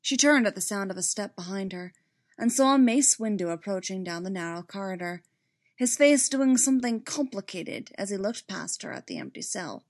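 A woman narrating a work of fiction in an even, measured reading voice. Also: medium pitch.

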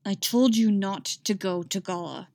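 A woman's voice: mid-range voice, a little slow, mellow, lightly acted. A woman voicing an exasperated male king who scolds in a clipped, stern way. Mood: angry.

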